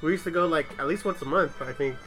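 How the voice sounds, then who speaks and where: A man's voice: on the high side, fast talker, over loud music, low-quality recording. A young man in casual chat, loose and laughing, swearing now and then.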